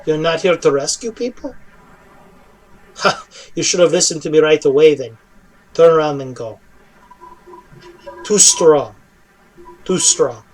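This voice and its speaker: A man's voice: on the high side, unhurried, long pauses, voice pushed down, rough recording. A man voicing a frightened, weary male hobgoblin prisoner in a tabletop game, who talks hesitantly and stammers out grim warnings.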